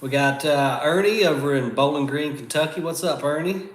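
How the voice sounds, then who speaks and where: A man in his forties with a Southern US drawl, hosting a casual livestream chat in a relaxed, drawn-out way. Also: fairly high pitch. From American South. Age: 40s. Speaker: channel host. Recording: echoey room with faint noise.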